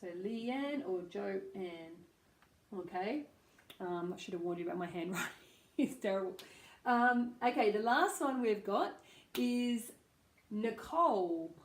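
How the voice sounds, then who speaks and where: A woman with an Australian accent teaching English pronunciation, sounding out names slowly and deliberately. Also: medium pitch, roomy sound, slight background noise. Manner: slow, deliberate, drawing out sounds to demonstrate. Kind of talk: casual spoken lesson.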